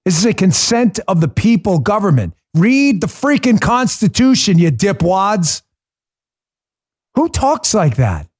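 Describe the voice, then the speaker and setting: Man, middle-aged, podcast host, combative, sarcastic, rhetorical questions, slightly high voice, dry close sound. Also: big pitch swings, unhurried, breathy edge, no echo. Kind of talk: political commentary monologue.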